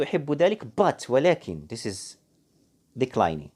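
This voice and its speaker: Lively man teaching an English lesson. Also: mid-range voice, quick pace. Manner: switches between English and Arabic explanations, lively emphatic. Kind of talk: classroom language lesson.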